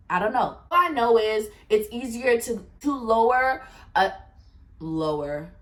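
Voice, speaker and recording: A woman telling a casual storytime, animated, swearing and laughing often. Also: mid-range voice, far from the mic. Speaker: storyteller vlogger.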